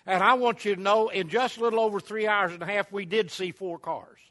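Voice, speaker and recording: Folksy preacher, bright voice. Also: male voice, sits high, fairly even intonation, fairly quick. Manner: folksy, rambling, many fillers. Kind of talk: sermon storytelling. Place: camp meeting service.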